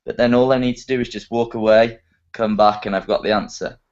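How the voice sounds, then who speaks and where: A man in a casual group video chat, relaxed and joking. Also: medium pitch, a little fast, slight background noise. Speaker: co-host. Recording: dull lo-fi video call audio.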